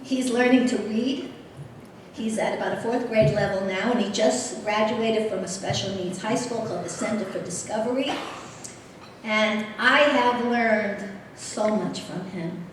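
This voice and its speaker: A middle-aged woman giving a speech as a guest speaker, telling a personal story with lively, animated delivery. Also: mid-range voice, measured pace, slight background noise. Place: large convention hall. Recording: echoey hall heard from far off.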